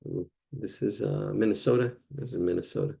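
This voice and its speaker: A man with a low, gravelly, husky voice, thinking aloud as he sketches. He rambles in a loose, muttering way and drifts into chuckling asides. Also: brisk, darkish tone. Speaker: drawing instructor. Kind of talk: casual narration while drawing.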